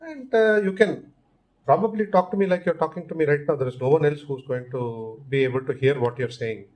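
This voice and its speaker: A man's voice: a little high, a little fast, a little mellow, close to an everyday voice. A man voicing a patient friend back from the city in a told story, reasoning with mild exasperation.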